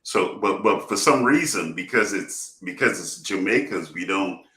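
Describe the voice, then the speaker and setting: Deep-voiced man, bright, roomy sound. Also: animated, unhurried. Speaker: guest. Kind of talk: casual chat.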